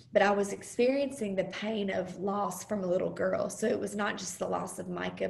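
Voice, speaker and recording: Woman sharing her story on a video call, halting and earnest, kinda raspy, roomy sound. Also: mid-range voice. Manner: earnest and halting, with many pauses and fillers. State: close to tears at times. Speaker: conference guest speaker. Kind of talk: personal testimony over video call.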